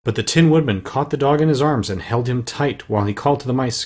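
Husky male audiobook narrator. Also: medium pitch, fast. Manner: steady and plain, with small slips. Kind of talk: storybook reading aloud.

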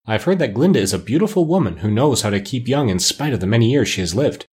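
A man's voice: medium pitch, animated, fast, darkish tone, husky. A man voicing a timid palace soldier who explains things carefully, in an audiobook reading. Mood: informative.

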